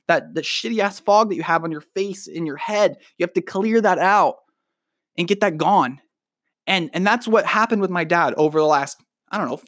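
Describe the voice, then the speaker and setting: A man's voice: high voice, no room sound, clean studio sound. A young man hosting a podcast, giving a profane, emphatic motivational monologue and calling the listener dude. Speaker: podcast host.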